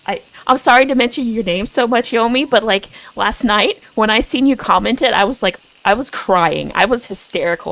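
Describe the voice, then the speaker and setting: A young woman streaming as a VTuber, chatting casually and self-deprecatingly, giggling often and bursting into excited quoted asides. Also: a little high, moderate pace, gravelly, hardly any pauses, low-quality recording. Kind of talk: casual chat.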